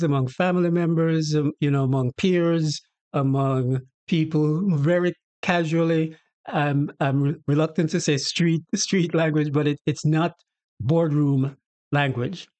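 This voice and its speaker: A man from Jamaica with a Jamaican accent, casually explaining his native Patois as host and acting out bits of dialogue in a chatty, relaxed way. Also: a little high, unhurried, no echo.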